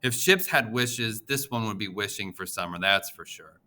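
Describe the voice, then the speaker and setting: A man narrating an audiobook in the first person, with an expressive, emotional reading. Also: on the low side, normal speed.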